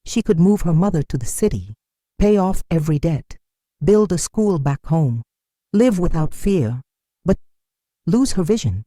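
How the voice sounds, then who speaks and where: A narrator reading a dramatic story in a steady, scripted storytelling style. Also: medium pitch, unhurried, no echo, clean studio sound.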